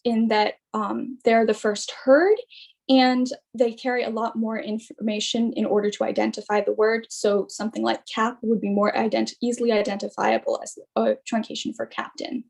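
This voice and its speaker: Young woman presenting research, fairly high voice. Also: vocal fry. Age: young adult. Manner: explanatory, with frequent fillers and restarts. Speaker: student presenter. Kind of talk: academic presentation.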